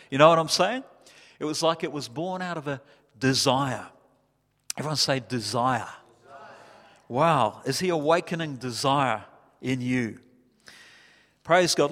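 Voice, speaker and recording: A man's voice: medium pitch, fairly bright tone. Guy preaching a sermon, chatty, keeps asking the crowd stuff, big echoey hall. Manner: conversational, asks the congregation questions. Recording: reverberant hall.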